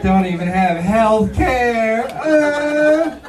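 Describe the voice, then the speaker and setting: A man performing a stand-up comedy set in a slow, deadpan manner, taped live in a club. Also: high voice, roomy sound, far from the mic, noisy background.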